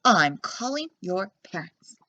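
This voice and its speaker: A woman voicing a stern woman school principal in a storybook, speaking low, firm and scolding. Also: sing-song, slow pace, pushed and bright, heavily acted. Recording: dull lo-fi sound.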